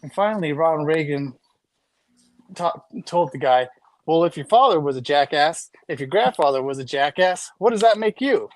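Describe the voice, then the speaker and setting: A man in a casual podcast chat, telling stories in an animated way. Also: on the high side, normal speed, no echo. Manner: animated storyteller.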